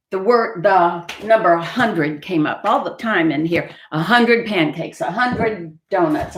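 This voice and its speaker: Librarian lady doing storytime, slow and super expressive, echoey library room. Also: lowish voice. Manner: expressive, talks to children. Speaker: children's librarian. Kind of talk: storytime read-aloud.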